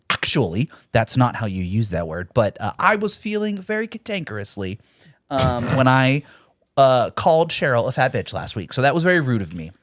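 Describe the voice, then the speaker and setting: A man's voice: mid-range voice, moderate pace, no echo, studio quality. A man co-hosting a podcast in casual, joking chat, often mimicking other voices. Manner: animated, joking, mimics voices in quoted bits. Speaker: podcast co-host.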